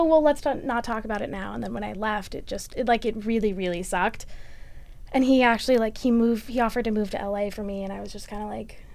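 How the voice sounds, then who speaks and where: A woman's voice: on the high side, no echo. A young woman and college student, chatting animatedly through a personal story for a podcast, with lots of "like". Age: young adult. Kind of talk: storytelling interview.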